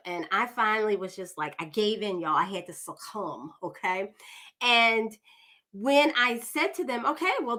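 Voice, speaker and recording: A woman's voice: medium pitch, a bit bright. A woman hosting a podcast, introducing her guest in a chatty, digressive way, often calling listeners "y'all.". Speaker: podcast host.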